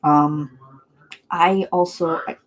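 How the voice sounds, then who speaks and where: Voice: mid-range voice, fairly even intonation, takes it slowly. A non-binary young adult vlogger in a casual live chat with viewers, talking in a gushing, rambling way full of fillers and little laughs.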